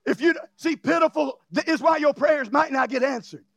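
A man preaching, his voice pitched unusually high for a man, with a gravelly edge. He swings between emphatic shouted points and jokey asides. The sound is close and dry. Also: normal speed, no room sound. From Louisiana. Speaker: pastor. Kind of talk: sermon.

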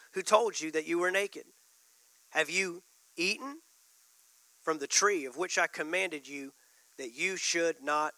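A man's voice: a little high, sharp tone, no echo, poor audio. A man preaching a sermon, building emphasis and repeating key lines. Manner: preaching with rising emphasis and repetition. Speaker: pastor.

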